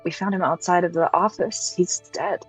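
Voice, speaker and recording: A woman voicing an earnest young archer who speaks in a hesitant, halting way. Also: lowish voice, fairly even intonation, husky, faint music behind, low-quality recording.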